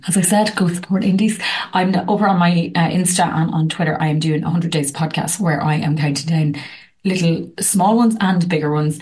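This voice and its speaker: A woman's voice: deep voice, darkish tone. An Irish woman hosting a podcast, chatting casually and rambling with lots of fillers. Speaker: podcast host. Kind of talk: casual chat.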